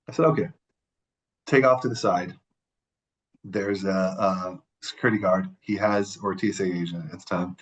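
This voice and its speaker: A man, a podcast guest, telling a story in a casual, animated and profane way, acting out the people he quotes. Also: lowish voice, moderate pace, poor audio.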